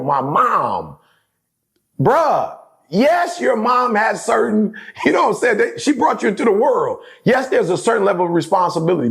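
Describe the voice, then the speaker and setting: A middle-aged man, a guest in a casual conversation, speaks emphatically, repeating his points and constantly asking "you know what I'm saying." His voice sits high, with vocal fry.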